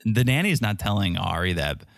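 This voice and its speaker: Man, podcast co-host, lively swooping pitch, dry close mic, acts out quotes. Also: a little fast, creaky, no room sound. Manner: animated storyteller acting out quotes. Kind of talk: casual chat recapping a reality show.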